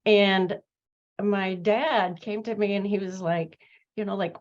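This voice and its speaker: A reflective woman host shares a personal story in a relaxed conversational way. She works through her thoughts with fillers and restarts, and the mid pitch of her voice stays warm and unhurried. The recording sounds a little dull and lo-fi. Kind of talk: conversational interview chat.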